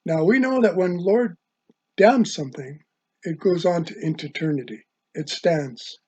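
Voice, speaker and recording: Casting note: man, online preacher, husky and slightly high voice, hesitant delivery, dull lo-fi recording. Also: darkish tone. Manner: halting, with many ums and uhs. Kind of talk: religious video sermon. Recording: dull lo-fi sound.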